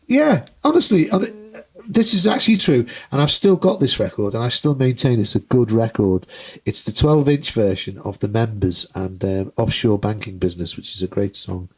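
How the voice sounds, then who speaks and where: Husky-voiced man telling lively stories. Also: medium pitch, normal speed. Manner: animated storyteller who acts out the people in his stories, swears freely. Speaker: guest comedian and musician. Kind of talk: casual podcast chat, anecdote telling.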